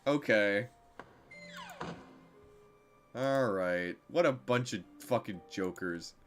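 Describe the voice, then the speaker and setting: A man's voice: fairly low pitch, animated, takes it slowly, fairly bright tone, faint music behind. Rambling, swearing let's-play guy. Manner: rambling, swears, laughs easily. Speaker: streamer co-host. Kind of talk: casual let's-play chat.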